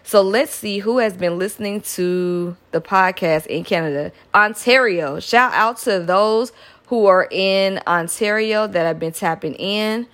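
A young woman hosting her own podcast, chatting upbeat shout-outs to listeners. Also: medium pitch, a little slow. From Metro Atlanta, US South. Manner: chatty and upbeat, with frequent "y'all" and laughs. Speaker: podcast host.

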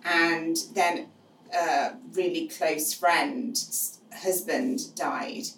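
A middle-aged woman, a guest on the show, telling her experience frankly and finding humour in dark moments. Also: low-pitched, extremely slow. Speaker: guest, charity co-founder. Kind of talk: candid storytelling in conversation. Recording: roomy, distant mic with faint noise.

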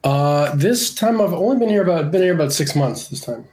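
This interview guest, a man and Canadian-born illustrator, sounds stuffed up with a cold as he chats loosely, full of fillers and hesitations. His fairly high voice is expressive and a little mellow, and he speaks briskly.

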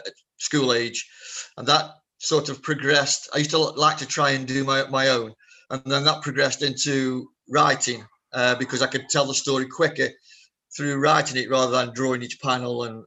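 A man's voice: medium pitch, pushed and bright. A British man, an author being interviewed, talking modestly with many hesitations. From Britain. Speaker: author guest. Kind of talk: casual interview chat.

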